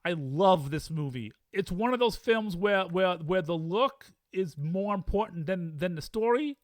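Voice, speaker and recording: Guy chatting thru his movie rankings, kinda high voice, bouncy, arguing with himself about what beats what. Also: animated, unhurried, no room sound, clean studio sound. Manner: chatty, enthusiastic, debates rankings aloud with himself. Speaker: film reviewer. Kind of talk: casual film-ranking monologue.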